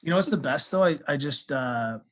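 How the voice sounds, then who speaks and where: A young man who is a guest on a podcast, telling stories in casual chat, swearing freely and animated. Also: a little high, fairly quick, heavy background noise. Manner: profane, animated storyteller.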